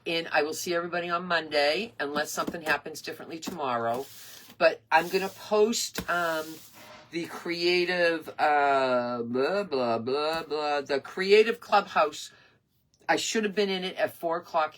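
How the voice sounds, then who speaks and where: A woman's voice: low-pitched, normal speed, a bit bright. A woman in her sixties hosting her craft page live, chatting in a rambling, earnest and emotional way. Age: 60s. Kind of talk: casual live-stream chat.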